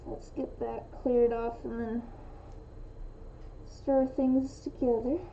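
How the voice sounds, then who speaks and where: A woman's voice: a little high, little pitch movement, takes it slowly, creaky, warm tone, highs cut off, slight background noise. A young woman from the western United States, rambling casually with many restarts while crafting on a livestream, often dropping the g in -ing endings. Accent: western American. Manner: rambling, thinks aloud with many restarts and fillers. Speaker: streamer making resin dice.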